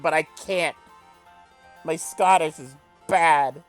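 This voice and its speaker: A man playing a game on video, reading its text aloud with casual commentary, animated and swearing casually while joking at himself. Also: mid-range voice, brisk, faint music behind. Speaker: let's play gamer.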